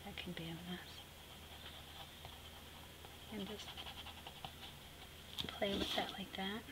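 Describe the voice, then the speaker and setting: A middle-aged woman hosting an art tutorial, chatty and teasing, narrating as she paints and dropping into soft whispered asides. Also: medium pitch, steady tone, slow pace, heavy background noise.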